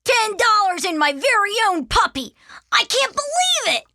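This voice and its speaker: A woman voicing an earnest, eager young boy aardvark in a storybook, with high, excited exclamations. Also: measured pace, no room sound, studio quality, heavily acted.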